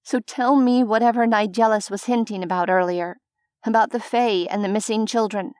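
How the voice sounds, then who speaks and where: A woman's voice: mid-range voice, fairly even intonation, normal speed, a little mellow, clean tone, no room sound, studio quality, close to an everyday voice. A woman voicing a flustered young heroine in an audiobook, hesitant and quipping. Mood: wry. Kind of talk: audiobook character voice.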